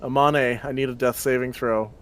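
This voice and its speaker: A man narrating a tabletop game as its dungeon master, at a middle pitch. He describes the fights with animated delivery and breaks into laughter as he goes. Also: normal speed, slight background noise.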